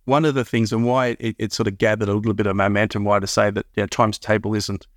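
A man's voice: lowish voice, level tone, quick pace, dry recording, studio quality. A middle-aged Australian man, a guest on an interview show, explaining at length with many restarts and fillers. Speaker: math curriculum founder, guest. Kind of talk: casual interview talk.

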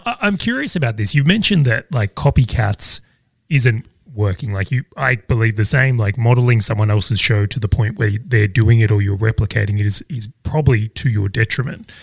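A man's voice: mid-range voice, gravelly, dry recording, studio quality. A man hosting a podcast interview, reflecting on his guest's points and then asking follow-up questions. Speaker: podcast host. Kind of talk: casual interview chat.

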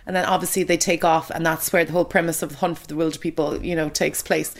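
A woman's voice: sits low, little pitch movement, fast. An Irish woman, a radio presenter, chatting casually and giving her opinions about a film with lots of fillers. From Ireland.

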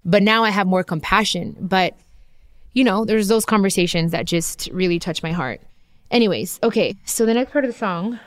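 A woman's voice: medium pitch, moderate pace, dry recording, clean studio sound. A woman in her thirties talking candidly to her viewers, heartfelt and emotional as she shares a personal story. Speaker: vlogger sharing personal story.

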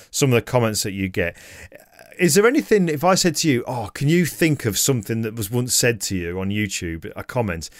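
A man's voice: mid-range voice, no room sound, clean studio sound. A man hosting a podcast, asking rambling questions in casual chat. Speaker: podcast host.

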